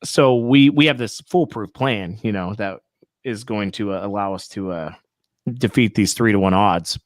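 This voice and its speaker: A man on a podcast, telling a long story in a relaxed, rambling way with lots of fillers. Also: lowish voice, measured pace, dry recording. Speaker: podcast host. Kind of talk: casual storytelling chat.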